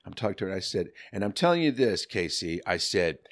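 Man, middle-aged, gravelly, low-pitched, animated storyteller, profane, acts out quotes. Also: brisk, hardly any pauses. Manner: animated, swearing, acts out quotes in other voices. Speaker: podcast guest. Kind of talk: storytelling in casual chat.

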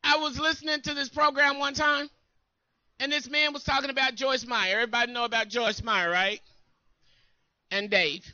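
A woman co-pastor preaches emphatically, calling for the congregation to answer her. Her voice is very high and piercingly bright. It comes through dry and a little muffled. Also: steady tone, moderate pace, no room sound. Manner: emphatic, call-and-response preaching. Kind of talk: sermon.

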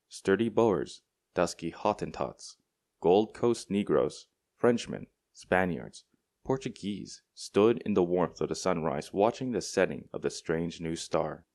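Deep-voiced male audiobook narrator. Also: a little mellow. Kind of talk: scripted narration.

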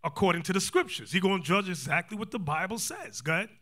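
A man teaching a scripture class in a lively, joking sermon style, acting out quotes. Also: sits high, fast talker. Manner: animated, joking, acts out quotes, calls for readings.

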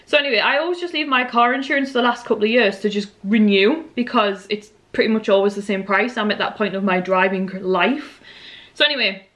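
A woman's voice: mid-range voice, fairly quick, fairly bright tone. A young woman chatting casually to camera in a vlog, rambling with fillers, her voice a little worn. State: slightly losing her voice. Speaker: vlogger.

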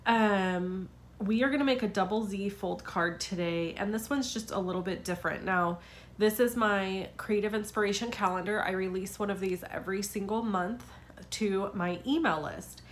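A woman's voice: medium pitch, normal speed, slight background noise. A middle-aged woman with a stuffy nose from a cold, chatting casually with frequent "um"s while hosting a card-making tutorial.

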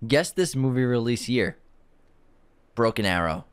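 A man co-hosting a movie podcast, chatting casually and teasing his co-host, with quick bursts of laughter. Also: mid-range voice, animated, clean tone. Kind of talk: casual chat and ad reads.

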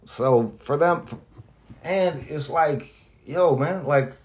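Taking it slowly, a male radio host speaks a casual farewell in a fairly high, a little mellow voice, recorded with dull audio. His talk rambles with heavy profanity and frequent restarted sentences, and he gets emotional, sometimes near tears.

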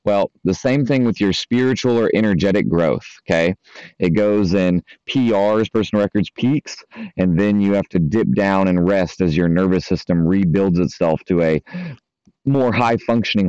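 Man, coach type, loose casual monologue, lowish voice, dry dull lo-fi sound. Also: moderate pace, darkish tone, clear, resonant tone, dry recording. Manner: loose and conversational, heavy fillers and swearing. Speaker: spiritual coach. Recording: dry, slightly dull lo-fi audio.

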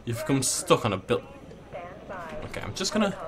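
A man's voice: medium pitch, very animated, normal speed, crowd noise. Jokey man commenting on a game. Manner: playful, jokey, mock-dramatic. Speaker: gameplay commentator. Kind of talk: casual let's play commentary.

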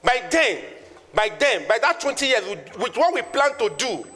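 Nigerian motivational trainer, man in his thirties; lively, swooping delivery that repeats lines for effect, in a reverberant hall. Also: very high-pitched, moderate pace, slight background noise. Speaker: network marketing trainer. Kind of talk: motivational speech to an audience.

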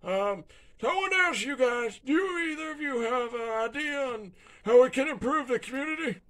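A man voicing a greedy, boastful dictator who bosses people around and bursts into shouting. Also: extremely high pitch, expressive, normal speed. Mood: pompous. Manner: bossy, breaks into shouting tantrums.

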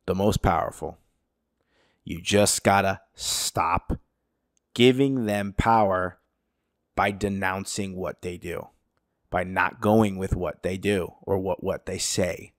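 A man's voice: on the low side, no echo, studio quality. A man hosting a podcast alone, ranting in anger, swearing heavily and hammering his points home through repetition. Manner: heated, profane, emphatic repetition. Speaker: podcast host. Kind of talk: angry solo rant.

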